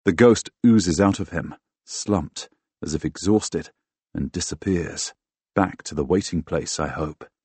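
A man narrating a first-person fantasy audiobook in a dramatic, expressive way, recorded close on a studio microphone. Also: low-pitched, a little slow, breathy edge, no room sound. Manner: dramatic, expressive, bursts into loud shouts in dialogue.

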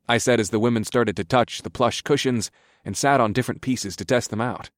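A man narrating a story in the first person in a relaxed, conversational way. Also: medium pitch, fairly quick, dry recording, studio quality. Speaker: audiobook narrator.

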